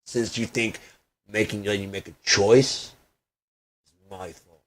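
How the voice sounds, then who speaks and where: A man delivering a profane, ranting personal video monologue that swings between loud outbursts and low muttering. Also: steady tone, a little slow. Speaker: video blogger.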